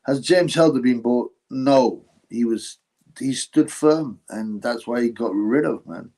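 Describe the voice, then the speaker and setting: With a warm, mid-range voice and a slightly slow pace, a man hosts a laid-back livestream. He reads comments from viewers and replies bluntly, rambling, cursing, and addressing them as bro.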